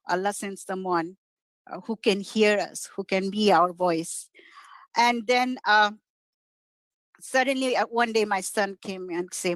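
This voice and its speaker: Middle-aged Bengali-accented woman, community organizer, eager halting delivery, mid-range pitch, dry. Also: a bit bright, no echo. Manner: halting, many fillers and restarts, enthusiastic. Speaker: community organizer and guest speaker. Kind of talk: informal virtual speech. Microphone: video call.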